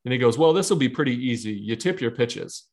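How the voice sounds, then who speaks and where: Laughing and acting out the dialogue, a man who once pitched in baseball and now co-hosts a podcast animatedly tells a lively story from the game during casual conversation. He speaks at a quick pace in a mid-range voice.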